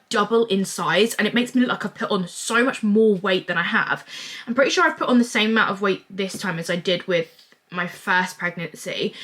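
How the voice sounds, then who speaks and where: Bright, chatty young woman. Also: medium pitch. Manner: chatty, rambling, drifts off topic. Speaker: vlogger. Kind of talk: casual vlog Q&A.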